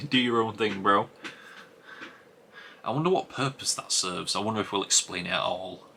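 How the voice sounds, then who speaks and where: A man's voice: fairly low pitch, normal speed, vocal fry, bright, forceful tone, slight background noise. A man giving a casual spoken review of a TV episode, musing aloud and rambling with frequent restarts.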